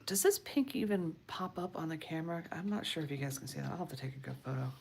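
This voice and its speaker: A woman artist talking viewers through a marker drawing on a casual livestream, unhurried and encouraging, often muttering asides under her breath. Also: low-pitched, lively intonation, creaky, darkish tone, a little hiss or hum. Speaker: comic artist streaming a marker demo. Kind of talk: casual livestream art tutorial.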